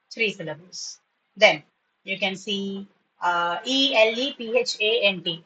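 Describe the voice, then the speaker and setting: A woman teaching spoken to school students in an online class, patiently repeating words slowly to model their pronunciation. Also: medium pitch, lively intonation, pushed and bright, low-quality recording.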